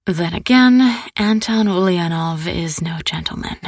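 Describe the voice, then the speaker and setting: A woman narrating a first-person romance audiobook in an intimate, soft-spoken way. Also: fairly low pitch, steady tone, a little slow, vocal fry, husky, dry recording, studio quality.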